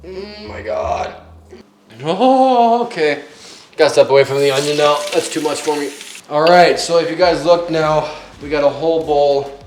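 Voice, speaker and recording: A young man chatting casually while cooking in his home kitchen, joking and yelping as onions make him cry. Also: a little high. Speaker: home cook. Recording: echoey room, faint music.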